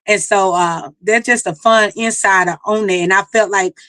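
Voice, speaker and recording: A woman's voice: mid-range voice, steady tone, moderate pace, sharp tone, dry recording. Middle-aged woman, Mississippi country accent, folksy storyteller guest, dry mic. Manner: folksy, storytelling, laughs at herself. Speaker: singer guest. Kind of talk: casual interview chat.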